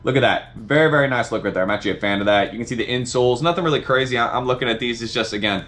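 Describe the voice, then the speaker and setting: A man's voice: mid-range voice, rapid-fire, a bit bright. A young man with a Southern accent, chatting casually through a sneaker unboxing and review, rambling and upbeat with lots of "right?".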